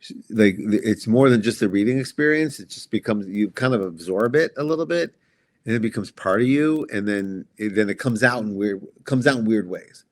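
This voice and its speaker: A man's voice: lowish voice, a little fast. A man in his fifties as a podcast guest, talking casually and reflectively, often restarting his sentences. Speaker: guest comic writer.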